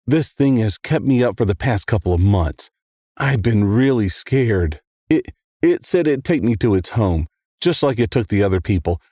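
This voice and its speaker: A man voicing a nervous, frightened seventeen-year-old boy who stammers and speaks softly. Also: lowish voice, no room sound, studio quality. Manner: halting, stammering, soft.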